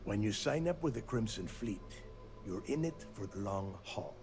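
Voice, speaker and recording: A man's voice: lowish voice, animated, normal speed, vocal fry, a little mellow. A man voicing a stern, menacing pirate fleet leader in a video game, giving commanding and threatening warnings. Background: game music.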